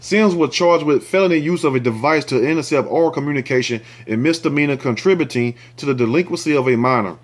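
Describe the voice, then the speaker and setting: A man's voice: fairly high pitch, fast, hardly any pauses. A man hosting a commentary show, reading a news story aloud and breaking in with angry, cursing remarks aimed straight at his viewers. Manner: indignant, ranting, swears freely; talks straight to viewers, asks for likes and shares.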